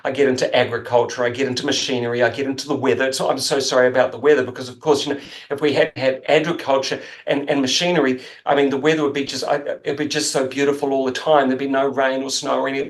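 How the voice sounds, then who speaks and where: A man's voice: medium pitch, steady tone, fast. A man as an interview guest, telling rambling, self-mocking stories in casual chat and laughing often.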